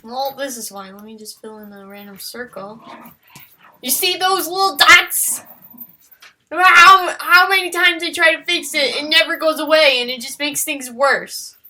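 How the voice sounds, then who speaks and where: A woman's voice: high-pitched, moderate pace, sharp tone. A woman chatting casually while she draws, rambling playfully and talking to her dog between comments. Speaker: digital artist. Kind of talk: casual chat while drawing.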